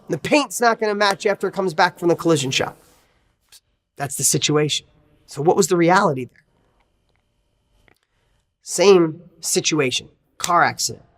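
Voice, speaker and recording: Emphatic male success coach. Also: high-pitched. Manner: emphatic, fires rhetorical questions. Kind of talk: motivational coaching talk.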